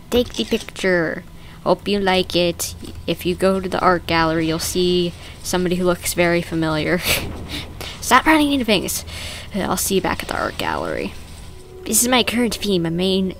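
A woman hosting a let's-play video, casually narrating her moves in a chatty, playful way. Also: on the low side. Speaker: gaming video host.

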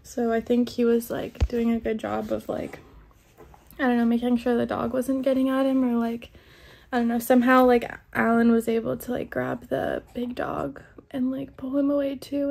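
A young woman talks to her camera in a loose, rambling way, full of "like" and "um". She sounds shaken and upset. Her voice sits high but barely moves, with a husky, mellow tone. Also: level tone, normal speed. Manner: rambling, many fillers like "like" and "um". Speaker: vlogger. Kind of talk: casual vlog talk.

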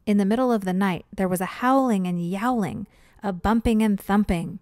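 A woman reading a children's storybook aloud, expressive and slowing for spooky moments. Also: mid-range voice, dry recording, studio quality. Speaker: read-aloud narrator.

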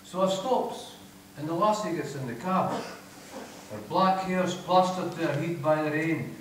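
Reading live in a theatre, a middle-aged Scottish author delivers his crude, comic first-person fiction in broad, sweary, wry dialect. His voice is on the high side and unhurried, a bit bright with a little hiss or hum, captured at a distance in echoey acoustics.

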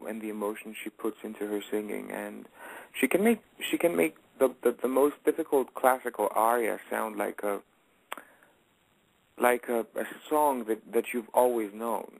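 A man's voice: on the low side, vocal fry, no room sound, low-quality recording. A man in his late twenties, a guest singer in a casual radio interview, talking hesitantly with many fillers and restarts.

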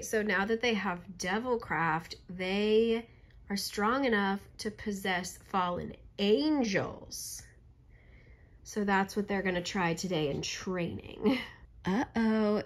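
Chatty sarcastic woman recapping a book. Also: mid-range voice. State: voice going hoarse. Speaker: book reviewer.

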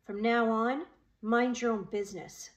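A woman's voice: on the high side, steady tone, a little slow, lightly acted. Woman voicing a tough bossy schoolgirl. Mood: threatening. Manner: snide, bossy and threatening.

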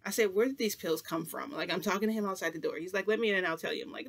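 A man with a high voice tells a story in a loose, casual vlog style. He rambles, restarts sentences and laughs as he goes, with an animated delivery. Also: racing, creaky. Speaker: vlogger.

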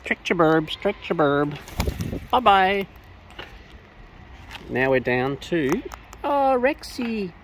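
A woman's voice: low-pitched, expressive, slow, long pauses. A woman outdoors feeding wild cockatoos, chatting to them in a playful, teasing baby-talk way. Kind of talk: casual chat to birds. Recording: noisy outdoor recording. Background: bird calls and outdoor ambience.

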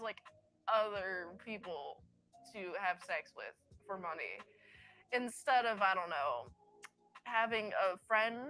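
A woman's voice: fairly high pitch, sharp tone, a little hiss or hum. A young woman giving a blunt, snarky, rambling movie review in a played video clip.

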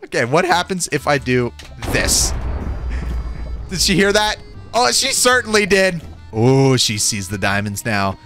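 A young man giving excited, giggly commentary over his gameplay, exclaiming often. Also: sits high. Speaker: gaming video creator.

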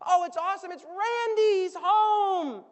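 A preacher in a sermon acting out an excited male servant gushing breathless good news, loud and eager. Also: very high voice, a little slow, big-room sound, pitched above the performer's own voice. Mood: thrilled.

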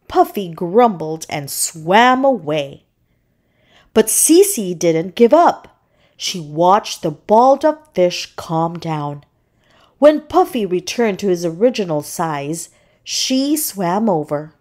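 A woman reading a children's picture book aloud as host, in an expressive storytelling manner. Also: lowish voice, takes it slowly. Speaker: storybook reader. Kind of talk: children's read-aloud narration.

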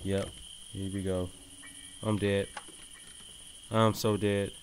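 A man hosting a gaming channel, giving casual, slangy commentary on a mobile horror game, swinging from low mumbling to sudden shouts. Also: level tone, slow pace, a little hiss or hum. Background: background game music.

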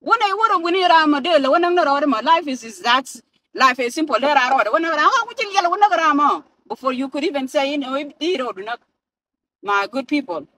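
A woman's voice: high-pitched, lively intonation, brisk, bright, forceful tone, no room sound, rough recording. A South Sudanese woman in a car, ranting and swearing into her phone camera, switching between languages. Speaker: vlogger. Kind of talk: profane ranting vlog.

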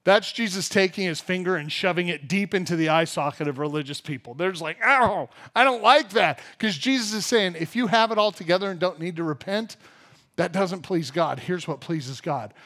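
A male pastor with a high voice preaches to his church. He tells funny everyday stories and acts out the people in them, then moves into the scripture. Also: brisk. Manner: animated storyteller, acts out funny everyday scenes. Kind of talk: sermon. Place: church service.

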